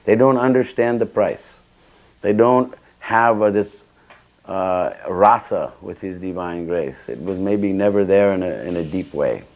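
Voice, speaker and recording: A man's voice: low-pitched, unhurried, darkish tone, rough recording. An older man giving a temple scripture class, telling personal stories and acting out the dialogue with sudden bursts of emphasis. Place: temple hall.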